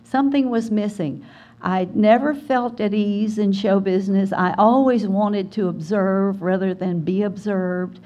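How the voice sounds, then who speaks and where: An older woman from Alabama, telling an animated story as a guest speaker at a writers conference. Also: mid-range voice, measured pace, highs cut off. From Alabama, USA. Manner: animated storyteller, acts out quoted voices. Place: conference hall.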